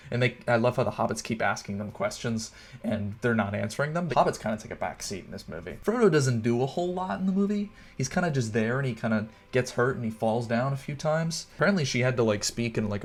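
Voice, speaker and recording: Rambling, tipsy man gushing over a film. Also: fairly low pitch. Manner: rambling, swearing, gushing with many fillers. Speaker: film commentator. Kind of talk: casual movie commentary over footage.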